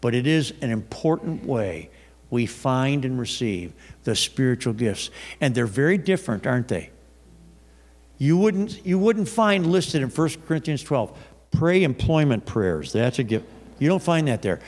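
A man's voice: mid-range voice, big pitch swings, measured pace, darkish tone. A man preaching a sermon in a loose, conversational storytelling way, often restarting his sentences. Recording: long reverb of a large hall.

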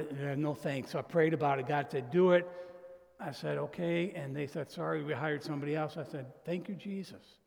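A pastor preaches in a church hall, his voice a touch high and gravelly. He talks conversationally, breaking into asides and acting out quoted lines for emphasis. The hall adds a long, lingering reverb. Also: darkish tone. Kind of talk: sermon.

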